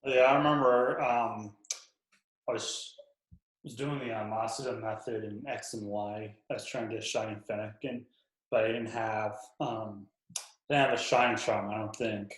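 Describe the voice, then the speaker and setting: A man's voice: on the low side, steady tone, normal speed, roomy sound, low-quality recording. A man hosting a podcast, chatting casually and joking, with lots of fillers. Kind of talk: casual chat.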